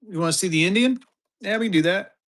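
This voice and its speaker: A man in his fifties runs a casual live-stream auction, talking straight to his chat. His voice sits a touch high for a man, and he gets loud and excited as he hypes each item, cursing now and then. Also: quick pace. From Colorado. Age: 50s.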